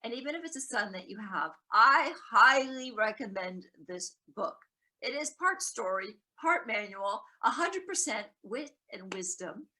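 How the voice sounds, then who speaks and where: A woman's voice: a little high, animated, unhurried, pushed and bright. A woman hosting a webinar, introducing the guest speaker over a video call.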